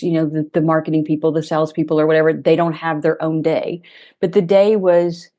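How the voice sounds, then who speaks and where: A woman taking part in a book circle, an administrative professional talking chattily with many pauses and fillers. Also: fairly low pitch, mellow. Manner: chatty, lots of fillers and restarts. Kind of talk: casual group discussion.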